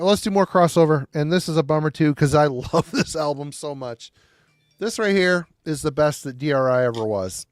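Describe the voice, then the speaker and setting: A man's voice: a little high, no room sound, clean studio sound. A man co-hosting a music podcast, chatting casually with short, laid-back remarks. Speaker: podcast co-host. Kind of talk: casual music review chat.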